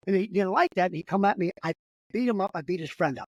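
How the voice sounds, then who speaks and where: An older man with a fairly high voice tells a long, profanity-laced story in a rambling, animated way. The sound is dry and close, with no room around it. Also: fast talker, dry recording, rough recording. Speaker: comedian guest. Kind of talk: casual storytelling.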